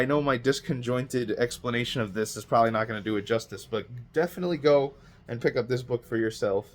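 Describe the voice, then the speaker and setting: A man giving a casual spoken book review, rambling and enthusiastic, with lots of fillers and restarts. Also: mid-range voice.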